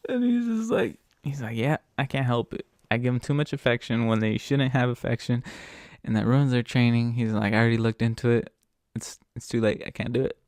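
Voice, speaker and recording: Laid-back man with a gravelly voice. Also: mid-range voice, level tone, fairly quick, a little mellow, dry recording, studio quality. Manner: profane, laid-back, laughs while retelling. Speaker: podcast host. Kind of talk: casual storytelling.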